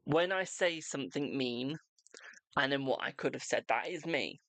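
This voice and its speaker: A young adult tarot reader hosts a live stream in loose, unscripted chat. The voice sits at a middling pitch with a gravelly rasp running through it, and the sound is close and dry with no room around it. The delivery is blunt and frank, with a self-mocking edge. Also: expressive, moderate pace, fairly bright tone, no room sound. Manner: blunt, chatty, self-deprecating.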